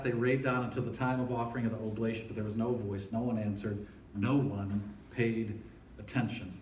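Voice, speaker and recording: A man's voice: medium pitch, far from the mic, slight background noise. Man preaching casually in an echoey room. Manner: informal, checks in with listeners often. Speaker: campus ministry speaker. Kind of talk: conversational sermon to students.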